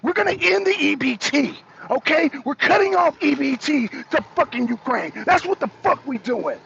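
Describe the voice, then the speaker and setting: Furious, profane high-voiced male ranter. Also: moderate pace, creaky, muffled recording, slight background noise. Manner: angry, profane, animated. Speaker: talk show host. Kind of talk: heated political rant on a livestream.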